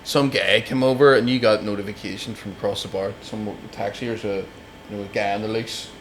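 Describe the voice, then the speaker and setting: A man's voice: fairly low pitch, fairly even intonation, brisk, a little hiss or hum. A young man, a guest recounting stories in casual chat with lots of fillers. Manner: rambling, laughing recollections. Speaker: influencer guest.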